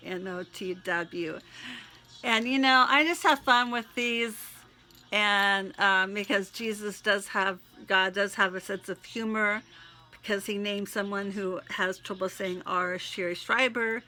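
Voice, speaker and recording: Woman, put-on Southern US accent, sniffly, devotional reading, bright tense tone, faint music behind. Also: medium pitch, steady tone. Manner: slow, earnest prayerful delivery. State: sniffly from allergies. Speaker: Christian video poster. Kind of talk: reciting a devotional poem.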